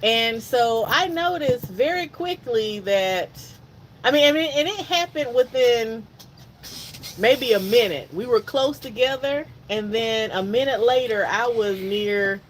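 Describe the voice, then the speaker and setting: A woman co-hosting a podcast, telling a personal story in a casual, animated way and acting out the dialogue. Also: a little high, a little slow, slight background noise, low-quality recording. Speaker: podcast co-host.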